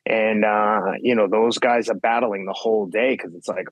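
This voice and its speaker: A man's voice: fairly low pitch, normal speed, dry recording. Blunt, profane man in his fifties. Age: 50s. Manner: blunt, profane, animated storytelling. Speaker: guest athlete. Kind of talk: casual podcast storytelling.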